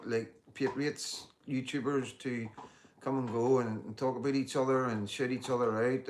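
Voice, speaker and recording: A man's voice: mid-range voice, a little hiss or hum. Blunt man chatting on a livestream. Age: 50s. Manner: chatty and blunt, swears freely. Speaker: livestream host. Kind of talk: casual livestream chat, reading out viewer comments.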